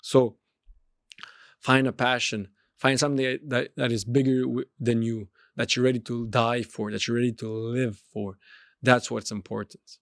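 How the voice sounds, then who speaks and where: A man's voice: mid-range voice, little pitch movement, moderate pace, creaky, no room sound. Emphatic man giving a dry close pep talk. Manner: emphatic, repeats phrases and restarts. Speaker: podcast host and street pastor. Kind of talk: motivational monologue.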